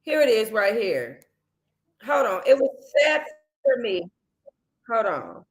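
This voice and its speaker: A woman's voice: on the high side, sing-song, takes it slowly. A woman hosting a talk podcast, speaking in an emotional, impassioned way in casual commentary. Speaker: podcast host.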